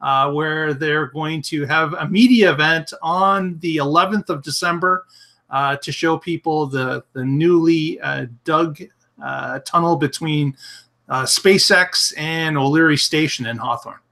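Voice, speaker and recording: A man on a podcast recapping a news item, pausing often with "uh". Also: on the high side, gravelly, bright, forceful tone. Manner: news-recapping, many "uh" pauses. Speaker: podcast co-host. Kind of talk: casual podcast chat.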